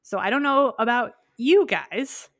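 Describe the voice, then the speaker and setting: A woman's voice: a little high, animated, no room sound, studio quality. A woman in her twenties co-hosting a podcast, chatting casually and joking often. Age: 20s. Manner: joking, chatty, quick laughs. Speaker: podcast co-host. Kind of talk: casual chat.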